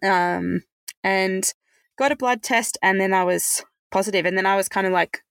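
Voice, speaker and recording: A woman chats through a personal story as a podcast guest, loose and full of "like" and "um". Her voice has a gravelly, creaky edge. The recording is dry and close. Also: mid-range voice, moderate pace, a bit bright, no echo. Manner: chatty, many fillers like "like" and "um". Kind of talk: casual conversational storytelling.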